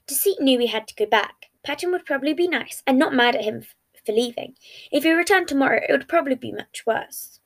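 Woman reading fanfic aloud, soft and even, bit high, gravelly fry. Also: a little fast. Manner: soft, even storytelling with small slips. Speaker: narrator. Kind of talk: fan fiction reading.

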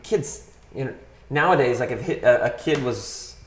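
A man's voice: mid-range voice, expressive, normal speed, a little hiss or hum. A laid-back man hosts a casual chat. He hesitates often and leans on fillers. The room gives his voice a roomy echo. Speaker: podcast host.

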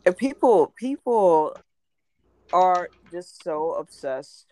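Young woman, low voice, brash and emphatic, casual podcast talk. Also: lively intonation, slow pace, mellow. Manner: brash, swears freely, emphatic. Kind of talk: casual chat.

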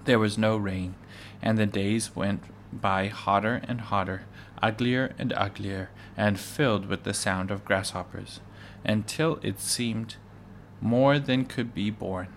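A man reading a children's book aloud, measured and with occasional stumbles. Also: fairly low pitch, steady tone, slight background noise. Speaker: reader.

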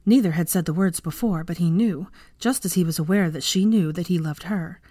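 Low-voiced woman reading a story aloud. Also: moderate pace, few pauses, dark tone, no room sound. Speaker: fan fiction reader. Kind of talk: audiobook narration.

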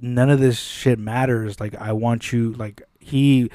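A man telling a long story in casual podcast chat, animated and swearing often, acting out the dialogue. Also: mid-range voice, unhurried, no room sound, clean studio sound. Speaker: podcast co-host. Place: podcast studio.

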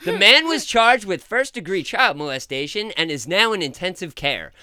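A male radio host in casual banter, reading odd news stories aloud with animated, joking delivery. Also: high voice, normal speed, clear, resonant tone, no room sound, studio quality. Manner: animated, joking, loud bursts.

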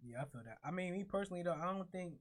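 A man's voice: sits high, expressive, rapid-fire. A man co-hosting a podcast, chatting casually about basketball with loose slang and heavy cursing. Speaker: podcast co-host. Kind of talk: casual sports chat.

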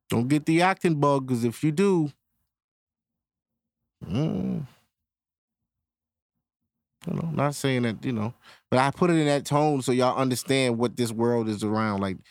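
A man's voice: medium pitch, unhurried, pauses often, no room sound. A man hosting his own podcast, ranting casually and profanely straight to his listeners. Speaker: podcast host. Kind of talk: casual solo podcast rant.

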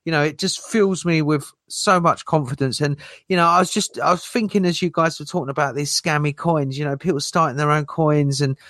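A man's voice: on the high side, steady tone, a little fast, fairly bright tone, no echo, studio quality. A man co-hosting a casual livestream who rambles his opinions, packing his talk with "you know" and "like". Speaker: co-host.

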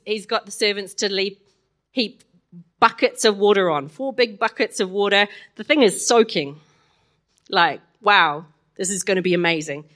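A woman's voice: medium pitch, a bit bright. Chatty woman telling a Bible story. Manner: chatty, playful, asks listeners questions. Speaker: Bible lesson teacher.

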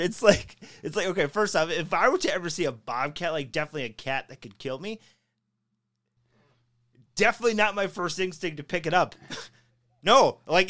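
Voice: medium pitch, moderate pace. A podcast co-host telling funny stories in casual chat, swearing and laughing. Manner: animated storyteller, swears, laughs while talking.

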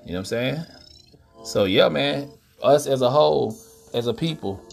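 A man's voice: mid-range voice, expressive, normal speed, vocal fry, faint music behind. A middle-aged man hosting a podcast, talking casually and preachily, often asking "you know what I'm saying". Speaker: podcast host. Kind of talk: casual monologue.

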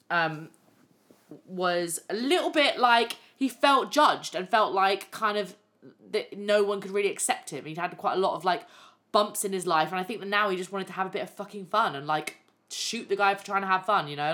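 A young woman hosting a podcast, telling frank, animated stories full of swearing and fillers. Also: lowish voice. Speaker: podcast host. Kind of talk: candid casual storytelling.

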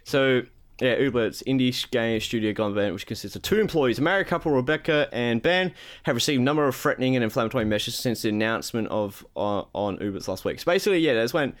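A man's voice: mid-range voice, animated, quick pace. A man hosting a casual gaming podcast, ranting with heavy profanity and sarcasm.

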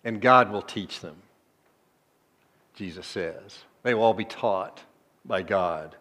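A man preaching a sermon as a pastor. He swings between low, soft stretches and loud emphatic bursts, and keeps asking the congregation rhetorical questions. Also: slow.

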